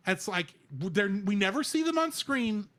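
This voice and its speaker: A man co-hosting a podcast, chatting casually in an animated, rambling way. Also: high voice, moderate pace. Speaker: podcast co-host. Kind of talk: casual chat.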